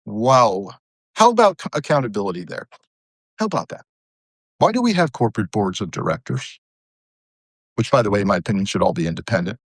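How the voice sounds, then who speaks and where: Middle-aged guy reads news then drops sarcastic asides, pitch jumps all over, dry close mic. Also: very animated, quick pace, long pauses, husky, no room sound. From Southern Connecticut. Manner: sarcastic asides between readings. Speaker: host of a live news commentary stream. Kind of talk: reading and commenting on news.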